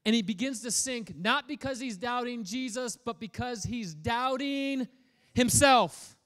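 A pastor preaching a sermon in an energetic, playful way, prodding the congregation to respond. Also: male voice, extremely high pitch, measured pace. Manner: energetic, playful, prods the audience for feedback.

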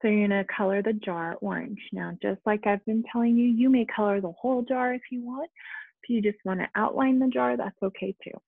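A woman teaching young children at home over video, speaking slowly and patiently and checking in with them often. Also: medium pitch, vocal fry, slightly rough, no room sound. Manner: slow, patient, coaxing, frequent "okay?". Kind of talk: remote lesson to young children. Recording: dry, phone-like lo-fi sound.

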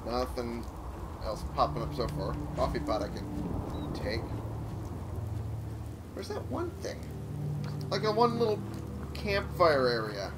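Brief: male gameplay commentator, lively pitch, self-deprecating and swearing, steady noise behind.

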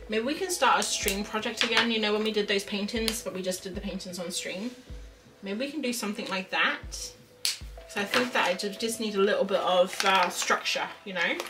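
A woman's voice: medium pitch, far from the mic. A young woman chatting casually on a drawing livestream. She rambles and reads chat messages aloud. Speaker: art streamer. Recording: voice slightly off-mic with faint music.

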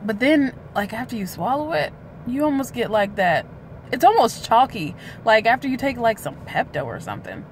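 A woman's voice: a little high, big pitch swings, slight background noise. A woman chatting candidly in a casual vlog, talking to the camera from a parked car. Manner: chatty and candid, drawn-out filler sounds. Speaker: weight-loss vlogger. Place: parked car outside a hospital.

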